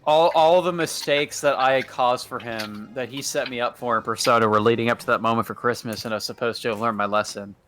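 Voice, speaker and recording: Animated young man telling a story. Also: medium pitch, a little fast, hardly any pauses. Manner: animated storytelling, laughs a lot, says "like" often. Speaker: guest on stream. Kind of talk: casual chat.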